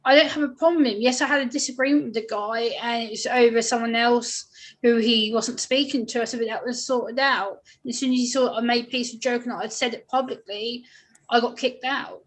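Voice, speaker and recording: A woman's voice: fairly high pitch, fairly even intonation, fairly quick. A woman in casual livestream chat, indignantly recounting how she was kicked out. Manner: indignant, quoting others.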